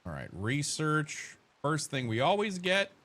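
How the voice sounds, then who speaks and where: A man's voice: fairly high pitch, very animated, a little slow, fairly bright tone. A man streaming a game, chatting casually and profanely with his viewers and his characters while he plays. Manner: profane, joking, talks to chat and his characters. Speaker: gaming streamer. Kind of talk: casual let's-play commentary.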